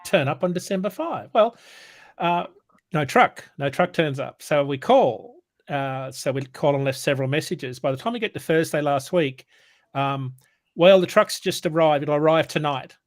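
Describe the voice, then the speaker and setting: A man co-hosting a sales morning show, telling a story in casual chat, animated and full of restarts. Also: fairly high pitch, moderate pace, no echo. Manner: animated, retells dialogue with many restarts.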